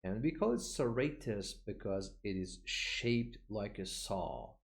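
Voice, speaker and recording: A man with a very low voice teaches medical terms in a recorded online lesson. He speaks slowly and patiently, explaining each word and saying it again so learners can copy the pronunciation. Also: lively intonation, creaky. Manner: explanatory, with frequent "uh" fillers. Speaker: English vocabulary teacher.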